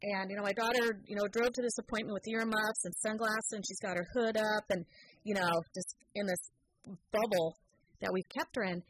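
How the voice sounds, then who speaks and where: Middle-aged woman guest, chatty storyteller, acts out quotes, average pitch, faint background noise. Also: moderate pace, rough recording. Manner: lively, acts out quoted voices; frequent fillers. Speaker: interview guest. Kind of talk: conversational storytelling.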